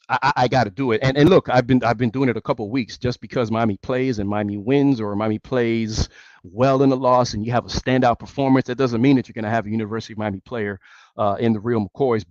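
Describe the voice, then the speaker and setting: A man's voice: mid-range voice, no room sound. Heated male sports show host, worked up and repeating himself, on a muffled, dry mic. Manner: angry, emphatic, repetitive. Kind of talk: heated sports talk rant.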